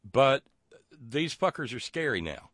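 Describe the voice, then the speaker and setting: A man hosting a call-in radio show, blunt and profane, with halting restarts. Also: mid-range voice, expressive, a bit bright, no room sound, clean studio sound. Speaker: radio talk show host.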